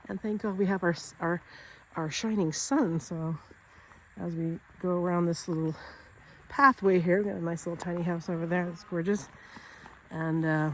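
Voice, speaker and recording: Recorded with poor audio and faint outdoor noise, a vlogger from Northern California talks casually while walking a rural property for her nature vlog. Her voice sits on the low side with fairly even intonation and normal speed, and she's bubbly, laughing often, with many fillers and restarts.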